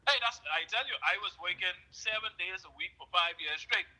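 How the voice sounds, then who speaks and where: A man's voice: sits high, a little fast, sharp tone, low-quality recording. A young Bahamian man co-hosting a show, chatting casually in a laid-back, joshing way. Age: young adult. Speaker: radio co-host. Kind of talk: casual chat.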